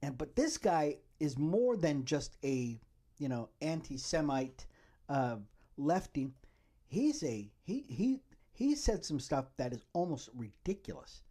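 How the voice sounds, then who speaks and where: A man's voice: fairly high pitch, very animated, a little slow, mellow. A man hosting a solo political commentary podcast, talking in a rambling way and often checking in with "okay?". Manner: rambling, repeats "okay?" to the listeners. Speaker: podcast host.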